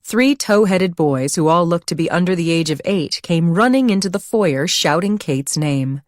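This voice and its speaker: A woman with a low-pitched voice reads an audiobook narration at a steady, measured pace. The recording is dry and close, with no room sound. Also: no echo. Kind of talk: scripted narration.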